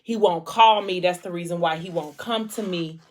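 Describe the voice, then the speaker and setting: A woman's voice: on the low side, normal speed, lightly acted. A woman voicing a frightened young woman who fears for her partner, in an anxious, pleading tone. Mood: panicked.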